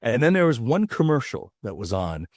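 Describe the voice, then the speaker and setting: A man's voice: mid-range voice, moderate pace, dry recording, studio quality. A man in his fifties from the United States, an actor guest telling stories in a casual interview and acting out voices as he goes. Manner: animated, acts out voices while telling stories.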